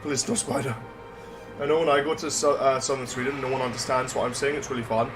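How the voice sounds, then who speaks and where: A man's voice: medium pitch, fairly even intonation, fast, over music. Chatty Scottish man playing a game. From Scotland. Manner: chatty, rambling, self-mocking. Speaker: let's play gamer. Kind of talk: casual gameplay commentary.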